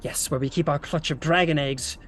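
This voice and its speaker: A man's voice: fairly high pitch, fairly even intonation, a little fast, a bit bright, faint music behind, lightly acted. A man voicing a captured male cultist who stubbornly refuses to talk, then gives way and pleads. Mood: confessing. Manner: stubborn, rising to frantic pleading.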